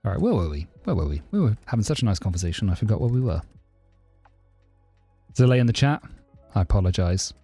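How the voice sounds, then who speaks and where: A man's voice: on the low side, big pitch swings, fast talker, husky, dry recording, soft background music. A man from southeast London with a southern English accent close to received pronunciation, chatting casually on a live stream and answering viewers. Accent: southern English, close to received pronunciation but less posh. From southeast London, England. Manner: chatty, answers chat questions, thanks subscribers warmly. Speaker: livestreaming programmer.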